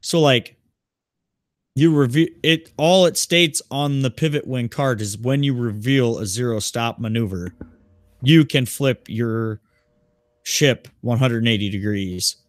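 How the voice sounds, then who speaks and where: A man co-hosting a casual podcast who works through game rules out loud in a relaxed way. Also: medium pitch, measured pace, no room sound, clean studio sound. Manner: thinks aloud, relaxed, laughs easily. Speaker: podcast co-host.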